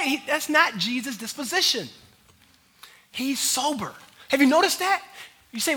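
A man preaching a sermon as a pastor, swinging from hushed intensity to loud, fervent delivery. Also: very high-pitched, very animated, normal speed.

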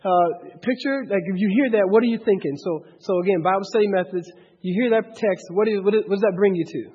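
Man, bible study teacher, very high voice, husky, animated, restarts a lot, long hall reverb, dull lo-fi sound. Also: quick pace. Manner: animated, repeats and restarts, rhetorical questions. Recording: dull, echoey hall recording.

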